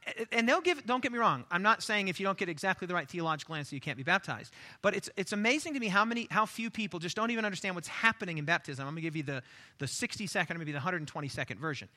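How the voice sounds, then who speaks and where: A male pastor preaching a sermon, stressing his points by repeating key phrases and stumbling over quick restarts when he speaks off the cuff. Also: high-pitched, animated, pushed and bright.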